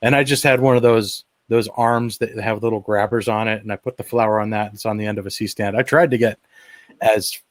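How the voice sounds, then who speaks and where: Lower-pitched man explaining gear. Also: steady tone, fairly quick, no room sound. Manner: enthusiastic, explanatory, frequent fillers and restarts. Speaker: webinar presenter. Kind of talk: casual live demo commentary. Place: at home.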